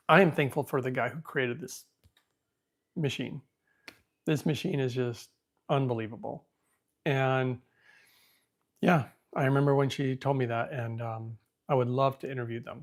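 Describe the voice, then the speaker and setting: A man hosting a podcast, telling a story in a casual, rambling way, thinking out loud and becoming emotional. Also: medium pitch. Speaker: podcast host.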